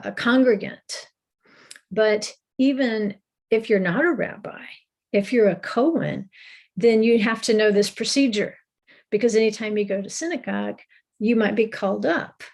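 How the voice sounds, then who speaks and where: A woman teaching a recorded Bible lesson, explaining with small restarts and an occasional light laugh. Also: medium pitch.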